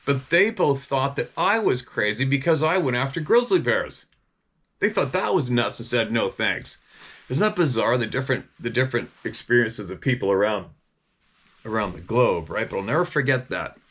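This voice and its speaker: A man's voice: medium pitch, expressive, normal speed, a bit bright. A middle-aged man from Vancouver Island, a hunting guide telling stories in a rambling, profane way that often restarts mid-sentence. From Vancouver Island, Canada. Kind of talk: casual storytelling.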